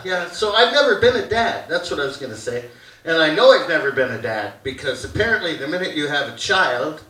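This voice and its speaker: High-voiced animated stand-up comic man. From Canada. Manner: animated, acts out shouting dad voices. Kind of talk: stand-up comedy set. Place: theater stage with audience laughter. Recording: roomy, distant theater recording.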